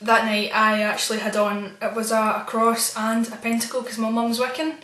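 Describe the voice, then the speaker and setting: A casual vlog features a woman whose voice sits on the high side, level in tone and at normal speed, with the room echoing. She rambles through a spooked account of her experiences, chatty and wandering, adding soft spooked asides.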